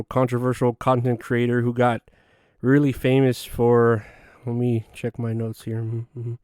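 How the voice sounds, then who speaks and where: A man's voice: mid-range voice, a little mellow, clear, resonant tone, no room sound, studio quality. A man hosting a solo comedy podcast, rambling through crude, offhand jokes. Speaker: podcast host.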